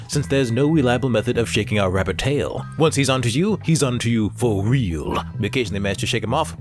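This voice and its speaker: A man reads scripted game commentary fast, with a sarcastic, exasperated bite. His pitch moves around a lot, and soft music plays under him. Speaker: commentary narrator.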